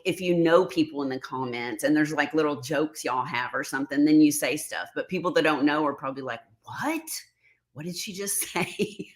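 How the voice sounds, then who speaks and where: Woman host, middle-aged, low voice, casual livestream chat, emotional and sarcastic. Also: a bit bright.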